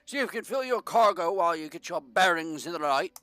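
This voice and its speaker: A man's voice: high-pitched, expressive, fairly quick, pushed and bright. A man reading game dialogue aloud as a short, officious harbor-town mayor, in a theatrical put-on British accent.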